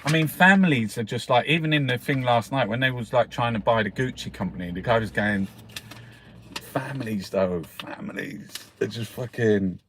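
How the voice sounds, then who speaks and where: A man's voice: mid-range voice, fast talker, hardly any pauses, fairly bright tone, slight background noise. An Irish man hosting a casual newspaper review, rambling and swearing freely as he talks. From Ireland. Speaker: host.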